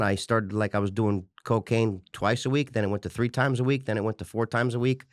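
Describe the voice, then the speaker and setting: A man's voice: fairly low pitch, no echo, clean studio sound. Passionate, rambling man in his forties. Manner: passionate, rambling, with restarts and swearing. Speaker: interview guest, fitness coach. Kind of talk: candid personal storytelling.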